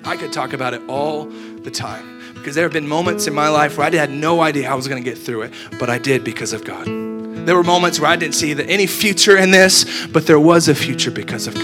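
Earnest male worship leader over guitar. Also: a little high. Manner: earnest, building to urgent rapid questions. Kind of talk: spoken exhortation over worship music. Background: soft guitar playing.

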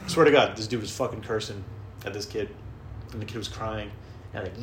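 A man's voice: on the low side, a little fast, pauses often, a bit bright, a little hiss or hum. Male podcast host, casual profane comic rambler, mimics voices; roomy echo. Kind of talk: casual comedic monologue. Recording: echoey room, faint background.

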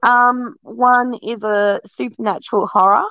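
A woman's voice: a little high, steady tone, measured pace, a bit bright, smooth, no echo, muffled recording. A woman with an Australian accent, a guest in a casual interview, talking bluntly, swearing freely and laughing often.

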